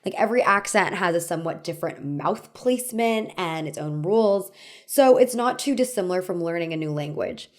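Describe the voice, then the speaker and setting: A woman's voice: lowish voice, animated, a little fast. A young woman hosting a video essay, narrating from a script in a conversational, wry way with light humor.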